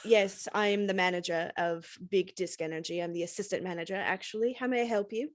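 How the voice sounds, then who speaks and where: A woman's voice: medium pitch, brisk, no room sound, studio quality, natural voice. A woman voicing a grumpy, washed-up male singer who now works as a store manager, speaking with a haughty, self-pitying drawl.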